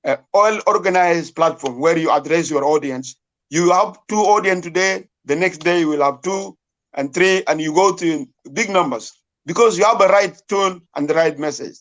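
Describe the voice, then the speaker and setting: A man's voice: on the high side, moderate pace, a bit bright. A man with a South Sudanese accent in a heated debate, insistent and talking over others with repeated words.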